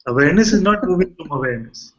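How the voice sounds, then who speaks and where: A man leads a satsang dialogue as the spiritual teacher, explaining calmly and repeating phrases for emphasis. His voice sits a little high for a man. The sound is dull and lo-fi. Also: racing. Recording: dull low-fidelity sound.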